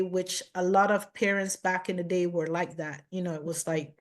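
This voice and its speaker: A woman chef as an interview guest, speaking in a measured, reflective way about her life. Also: lowish voice, steady tone.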